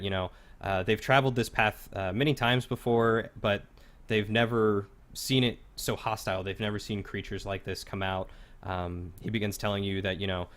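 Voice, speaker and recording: A man narrating as game master in a tabletop game, describing scenes in a halting, loose way. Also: on the low side, a bit bright.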